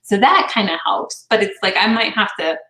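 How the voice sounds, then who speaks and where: A woman's voice: mid-range voice, expressive, moderate pace, pushed and bright. Chatty woman host on a video call. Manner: chatty and affirming. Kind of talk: casual chat. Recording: echoey room.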